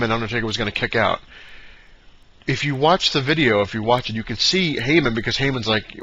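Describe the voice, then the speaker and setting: A man's voice: medium pitch, sharp tone, dull audio. A man ranting casually in a vlog, rambling with many fillers and restarts. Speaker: vlogger.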